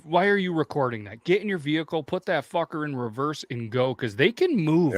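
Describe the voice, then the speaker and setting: A man's voice: on the high side, lively intonation, brisk, dry recording. Laid-back man cracking dry quips. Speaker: podcast co-host. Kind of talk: casual banter.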